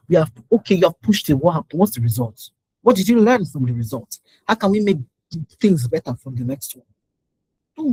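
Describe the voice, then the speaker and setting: A woman giving a lively motivational talk on workplace habits, exhorting her listeners and laughing often. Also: on the low side, husky, no echo, poor audio. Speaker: career speaker. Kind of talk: motivational talk to an online session.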